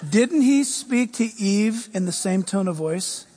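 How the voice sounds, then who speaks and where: A man voicing a sly male devil who tempts with slow, sneering speech. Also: high voice, expressive, warm tone, husky, full character voice.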